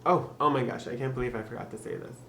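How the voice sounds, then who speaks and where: A man's voice: mid-range voice, fairly even intonation, fairly bright tone. Upbeat young man, echoey room. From Michigan. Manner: upbeat, laughs often, slows for drilled phrases. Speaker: YouTube tutor. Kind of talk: casual tutorial. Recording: echoey room, faint background noise.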